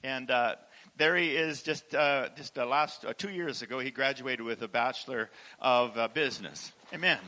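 A man's voice: medium pitch, pushed and bright, rough recording. A man telling a heartfelt charity story to a church audience, with frequent restarts and little laughs. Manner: emotional storytelling, laughs often, halting restarts. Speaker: charity founder speaking to a church. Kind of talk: personal testimony talk.

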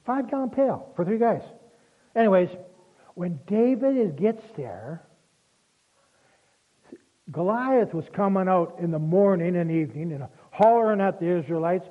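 A man preaching a sermon in a folksy, conversational way, with personal asides. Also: high-pitched. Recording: tinny phone-like sound.

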